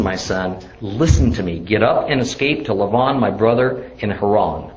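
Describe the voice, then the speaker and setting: A man teaching a Bible lesson, reading the scripture verse by verse in a measured, deliberate way before explaining it. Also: mid-range voice, darkish tone, low-quality recording.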